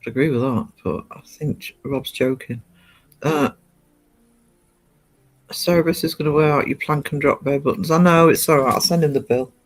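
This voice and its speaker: A woman's voice: deep voice, moderate pace, pauses often. A woman from northeast England chatting on a casual livestream, reading out viewer comments and rambling with lots of ums and restarts. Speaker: live streamer.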